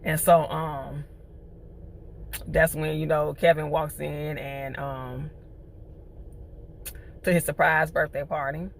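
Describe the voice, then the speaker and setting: A woman recapping a TV episode in a chatty, animated way, full of slang. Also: low voice, takes it slowly, creaky, long pauses, a little hiss or hum. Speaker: TV show reviewer.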